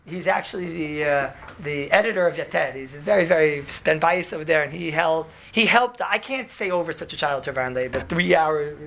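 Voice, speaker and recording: A man telling a story to an audience in an animated, chatty way, sprinkling in Hebrew and Yiddish words and asking "right?" all the time. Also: fairly high pitch, fairly quick, hardly any pauses, a little hiss or hum.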